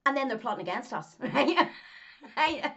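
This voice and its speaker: A woman's voice: high voice, sing-song, normal speed, vocal fry, fairly bright tone, breathy edge, muffled recording. A Northern Irish woman, a former track athlete, talking to camera in a casual monologue, hammering her points with repetition and frequent laughs. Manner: emphatic, repeats points, laughs often.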